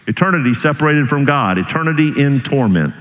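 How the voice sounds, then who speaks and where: A man preaching a sermon as pastor, swinging between high emphatic bursts and slow, low, quiet passages. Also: lively intonation. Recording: long hall reverb.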